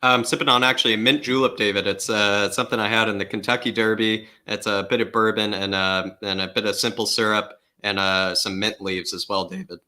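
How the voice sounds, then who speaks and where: A man co-hosts a live football watchalong, giving casual match analysis and keeps turning to his co-host. His voice sits on the lower side. His tone is bright and forward. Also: fairly even intonation, fairly quick, few pauses. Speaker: co-host and pundit.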